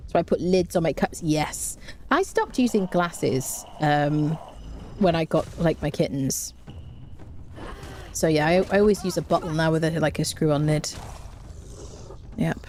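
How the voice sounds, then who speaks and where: A woman's voice: sits low, unhurried, long pauses, a little mellow, a little hiss or hum. A woman streaming a game live, chatting casually with her viewers and humming little tunes to herself.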